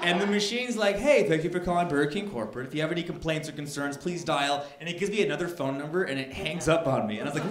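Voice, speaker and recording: A stand-up comedian, a man with a somewhat high voice, working himself up into indignant shouting. He is recorded in an echoey club room. Loud crowd laughter rolls in behind him. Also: animated, fast, few pauses. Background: audience laughing.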